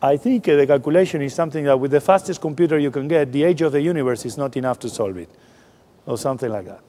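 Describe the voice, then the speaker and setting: A man's voice: a little high, quick pace, dark tone. A man giving a science festival talk, explaining informally and thinking aloud as he goes. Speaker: lecturer. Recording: long hall reverb.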